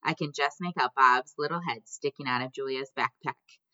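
Low-voiced woman narrating a story. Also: moderate pace, bright, forceful tone, no echo, dull audio. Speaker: audiobook narrator. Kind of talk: scripted narration.

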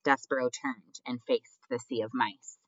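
A man narrating an audiobook in a measured, expressive storybook reading. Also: medium pitch, dry recording. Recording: dull dry lo-fi recording.

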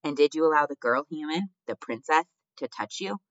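A man's voice: a little high, lively intonation, brisk, fairly bright tone, no room sound, pitched above the performer's own voice. A man voicing a stern, formal old male mouse who leads a council, in a storybook reading. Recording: dull dry lo-fi recording.

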